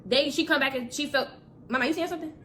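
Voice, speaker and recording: A woman's voice: sits high, quick pace, pushed and bright, slight background noise. A woman ranting on a livestream, defensive and rambling, using lots of slang. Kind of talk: casual livestream rant.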